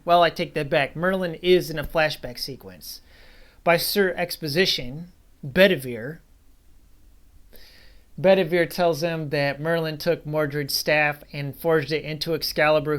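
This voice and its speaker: A man's voice: a little high, a bit bright, smooth. A man giving a casual spoken movie review, rambling and bluntly dismissive, with frequent asides.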